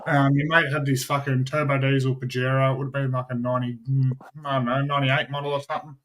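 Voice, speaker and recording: An Australian man telling a wild story in casual chat, swearing freely and animated. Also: mid-range voice, fast talker, slight background noise.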